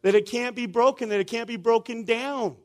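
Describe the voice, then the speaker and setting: A man's voice: very high voice, brisk, a little mellow. A male pastor, preaching a sermon in a conversational way, often asking "right?" and calling the room "y'all".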